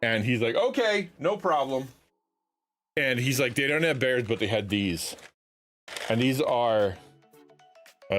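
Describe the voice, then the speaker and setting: A man's voice: medium pitch, a bit bright. A middle-aged man chatting casually on a live stream from his home setup, rambling with many restarts. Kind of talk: casual livestream chat.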